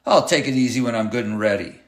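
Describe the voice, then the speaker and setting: Man voicing a cruel clown bus driver, sneering, bossy, raised and loud, echoey room. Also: mid-range voice, animated, a little slow, pitched above the performer's own voice. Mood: menacing. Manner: sneering, bossy, barking threats.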